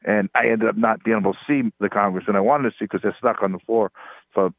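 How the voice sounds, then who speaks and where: New york guy calling in, low voice, tinny phone sound, chatty and worked up. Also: fairly even intonation, no room sound. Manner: storytelling, rising emphatic on complaints, halting fillers. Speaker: guest, PR strategist. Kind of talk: casual interview chat. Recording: dry tinny phone line.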